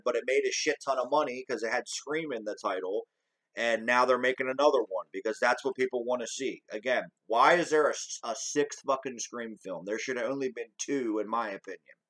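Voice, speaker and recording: A man's voice: mid-range voice, a bit bright, rough recording. A man hosting a commentary video, ranting heatedly about movies with lots of swearing and repetition. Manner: heated, profane, repetitive rant. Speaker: commentary channel host.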